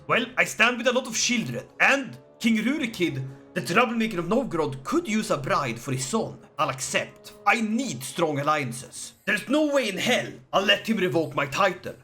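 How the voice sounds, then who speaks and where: A man giving excitable, theatrical let's-play commentary over a strategy game, mock-heroic and quick to yell at his foes. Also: sits high, soft background music. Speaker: gaming commentator.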